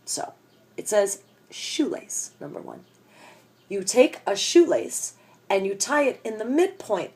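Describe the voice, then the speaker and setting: A woman's voice: medium pitch, very animated, slow, warm tone. A woman delivering a comedic rant straight to her viewers, in a sarcastic and exasperated tone. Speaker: vlogger ranting to camera.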